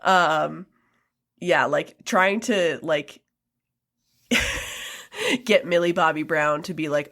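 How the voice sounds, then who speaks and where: A young adult woman with a deep, slightly bright voice speaks slowly and pauses often. Co-hosting a casual film review podcast, she's chatty and laughs a lot, filling her speech with ums and likes.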